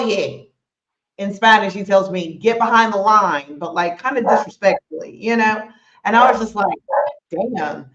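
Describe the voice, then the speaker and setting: Woman co-host telling a story, acts out the quotes, mixes in spanish, roomy dull mic. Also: mid-range voice. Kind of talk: casual storytelling on a podcast.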